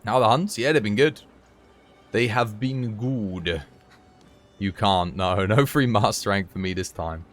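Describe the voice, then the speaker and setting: A man streaming live and chatting casually as he plays, given to high giggling fits. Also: a little slow. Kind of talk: live gameplay commentary.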